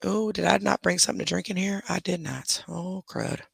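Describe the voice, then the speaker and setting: A man's voice: sits high, fairly even intonation, a little fast, vocal fry, breathy edge, no room sound. A man hosting a casual live stream from bed at home, rambling through stories and stopping to talk to his pets. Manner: rambling, chatty, talks to pets between stories. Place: at home in a bedroom, lying in bed.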